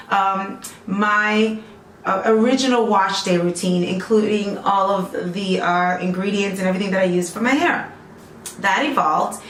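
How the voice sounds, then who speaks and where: A woman's voice: medium pitch, a bit bright. Woman rambling to her viewers, keeps saying okay?, roomy echo and faint background hum. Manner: chatty, rambling, talks straight to viewers with lots of "okay?". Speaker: natural hair vlogger selling her own products. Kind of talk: casual chatty vlog.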